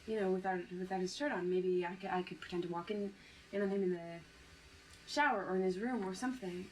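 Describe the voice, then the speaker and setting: Woman doing a young student, halting and unsure, stops and restarts a lot. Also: medium pitch, darkish tone, a little hiss or hum, natural voice, low-quality recording. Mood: hesitant. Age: young adult. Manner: hesitant, halting. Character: young female film student, hesitant accomplice. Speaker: film student. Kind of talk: found-footage film acting.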